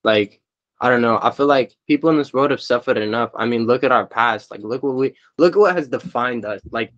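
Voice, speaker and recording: A young man speaks thoughtfully as a podcast guest, giving advice. His pitch is ordinary for a man, and the recording sounds dull and lo-fi. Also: a little fast, fairly bright tone. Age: young adult. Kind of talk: casual podcast conversation.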